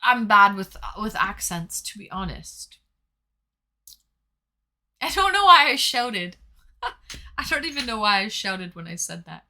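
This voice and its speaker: A woman's voice: medium pitch, big pitch swings, unhurried, long pauses, sharp tone. A young woman hosting a casual live stream from home, reading chat messages aloud in a chatty, playful way. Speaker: livestream host reading chat.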